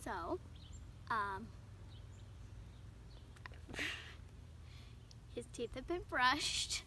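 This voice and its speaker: High-voiced woman chatting slowly outdoors. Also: lively intonation, pushed and bright, slight background noise. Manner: chatty, rambling asides to viewers. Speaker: pet vlogger. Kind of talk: casual vlog talk to camera. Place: outdoors washing a dog with a hose.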